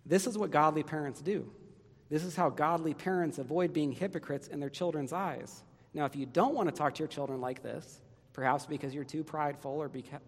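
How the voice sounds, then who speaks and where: Gravelly, higher-pitched male preacher. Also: long reverb tail. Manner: earnest, emphatic exhortation with repeated phrases. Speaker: pastor. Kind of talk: sermon.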